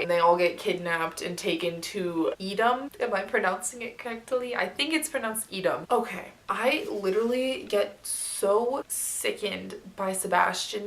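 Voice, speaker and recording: A woman's voice: mid-range voice, a bit bright. Woman book vlogger, mid-range voice, chatty and gushing, casual review. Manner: chatty, gushing retelling full of "like".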